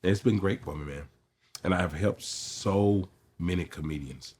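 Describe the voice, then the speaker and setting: A middle-aged man with a drawl spins stories as an interview guest. His low voice has a husky edge, and he brings the people in his tales to life by acting out what they said. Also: normal speed. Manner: animated storyteller, acts out quotes. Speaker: comedian guest. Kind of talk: storytelling interview.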